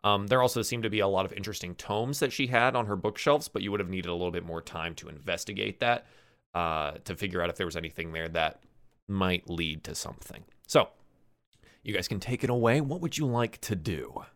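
A man with a fairly low but bright, forward voice narrates as game master for a tabletop game. He talks in a loose, hesitant way, filling his pauses with ums. The sound is dry and close, with faint music behind him. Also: no room sound. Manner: relaxed, hesitant, many ums and uhs.

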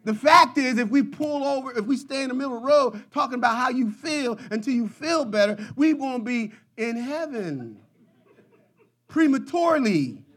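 High-voiced preacher man, hushed to shouting. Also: animated, normal speed, husky. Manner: swings from low hushed passages to shouted high peaks; repeats phrases in rhythmic runs. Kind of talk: sermon.

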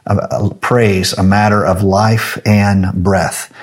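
A middle-aged male pastor giving a conversational devotional sermon, pausing often with fillers and restarts, then praying. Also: lowish voice, level tone. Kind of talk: sermon devotional with closing prayer.

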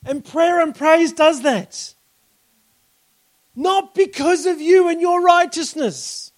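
An Australian man preaching a sermon in an animated way, acting out reactions and bursting into shouts. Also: very high-pitched, slow.

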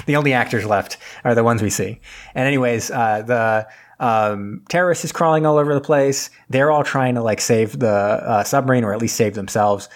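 A man casually recapping a movie plot on a podcast, rambling with lots of fillers and losing his thread. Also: medium pitch. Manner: rambling, filler-heavy, loses his train of thought.

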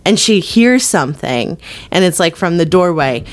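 A woman with a lowish voice and moderate pace co-hosts a podcast, chatting casually about movies. She's an animated storyteller who acts out voices and laughs often.

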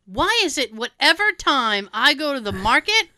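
A woman chatting casually and telling an everyday story, acting out quoted dialogue in lively voices. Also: high voice, moderate pace, no room sound, studio quality.

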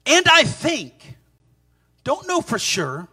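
A man preaching a sermon in an animated, sing-song way, with sudden loud peaks. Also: very high-pitched, slow.

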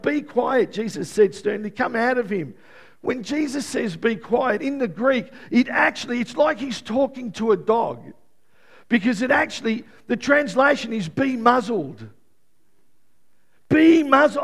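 A male pastor with a high voice delivers a sermon to a gathered church. He rises into loud, excited exclaiming and then sinks to a hushed, prayerful tone as he leads the room. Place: church with live congregation.

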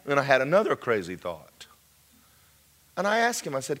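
A man preaching a testimony sermon, jumping from high loud cries to hushed whispers. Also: huge pitch swings, normal speed.

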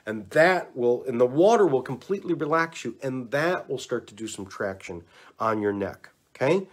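A man of middle pitch talks through neck exercises in an easygoing, conversational way. He speaks straight to the camera as an instructor and demonstrates each step while he explains it. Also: moderate pace. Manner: relaxed, chatty, demonstrating as he talks. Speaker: instructor giving neck relief tips. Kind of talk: casual instructional talk to camera.

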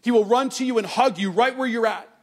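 Here the middle-aged preacher's voice is extremely high and fast. His sermon opens with a family anecdote full of animated quoted voices before shifting into a soft, sincere reading of scripture.

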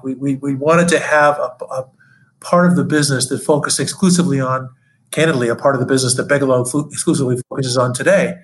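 A man's voice: mid-range voice, a little hiss or hum, rough recording. An older man with a mid-range voice leads a reminiscing conversation with a former partner. He tells stories at an easy pace. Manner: storytelling, acts out quotes. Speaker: interviewer and former colleague.

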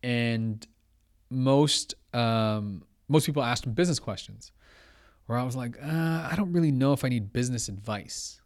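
A young man speaks as a podcast guest, telling an anecdote with lively energy. He acts out both sides of a conversation and keeps it loose and casual. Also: mid-range voice, moderate pace. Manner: animated, quotes others, says blah blah. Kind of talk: casual storytelling.

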